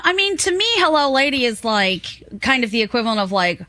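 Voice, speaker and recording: A woman's voice: on the high side, sing-song, a little fast, pushed and bright, no room sound. A woman co-hosting a morning radio show, chatty and upbeat. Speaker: radio co-host. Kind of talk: casual morning radio chat.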